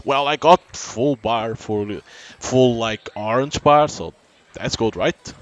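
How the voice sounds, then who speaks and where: A man's voice: medium pitch, takes it slowly, low-quality recording. A man giving live gameplay commentary, swearing often as he reacts and reading the game's dialogue aloud. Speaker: gaming channel host. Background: game music.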